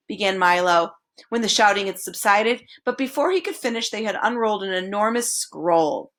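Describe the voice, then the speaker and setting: A woman reading a children's novel aloud, expressive and slowing down on dramatic phrases. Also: mid-range voice. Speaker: storybook reader.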